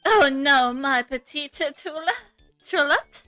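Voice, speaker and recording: A woman's voice: sits high, expressive, slow pace, bright, forceful tone, no room sound, soft background music, exaggerated voice. A woman voicing a flamboyant male French restaurant owner in a mock French accent, gushing and fumbling her words.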